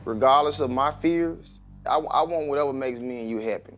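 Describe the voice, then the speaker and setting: A man's voice: mid-range voice, moderate pace, a bit bright, faint music behind. A man chatting casually in an easygoing, affectionate way. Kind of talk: casual chat.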